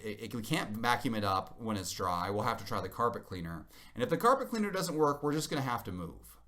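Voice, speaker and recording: A man's voice: mid-range voice, a bit bright. A man in his thirties telling a funny family story to camera in a wry, self-mocking, exaggerating way. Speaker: parent vlogger.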